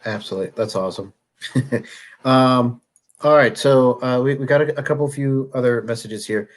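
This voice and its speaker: A man hosting a casual chat show, easygoing and quick to laugh. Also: mid-range voice. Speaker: host.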